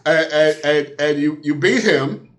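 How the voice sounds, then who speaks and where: A man hosting a casual interview speaks in a slightly high voice. His talk is chatty and halting, with sentences often started again. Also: fairly bright tone. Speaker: interview host.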